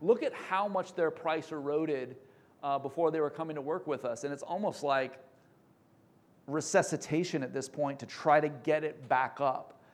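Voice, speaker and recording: Brief: male presenter, fairly high voice, lively pitch, pitch, casual business talk, energetic. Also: moderate pace. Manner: energetic, joking, with fillers. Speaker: company presenter.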